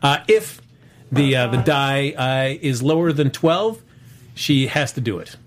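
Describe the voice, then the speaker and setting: A man hosting a casual movie podcast on a live stream. His pitch sits in an ordinary middle range, and he talks in a loose, chatty way full of "uh"s and restarts. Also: measured pace, background noise. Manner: chatty, many fillers and restarts. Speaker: podcast host.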